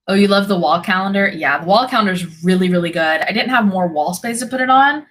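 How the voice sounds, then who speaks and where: On her spiritual live stream, a woman answers viewers' questions and responds to chat comments in a chatty, casual way, often breaking into laughter. The voice is lowish and fairly bright at normal speed, though the audio quality is poor.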